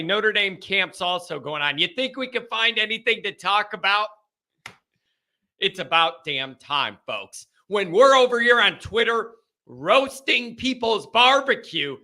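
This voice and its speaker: A man's voice: high-pitched, bright, forceful tone. Hyped young man hosting a fan show. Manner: hyped, jokey, sings a goofy jingle. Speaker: host of a fan call-in show. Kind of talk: energetic casual livestream talk.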